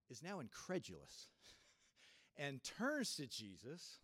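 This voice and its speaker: A male pastor giving a sermon in a reflective, unhurried way, with soft laughs and sudden drops from a firm voice to a near hush. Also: mid-range voice, breathy edge, no room sound, clean studio sound.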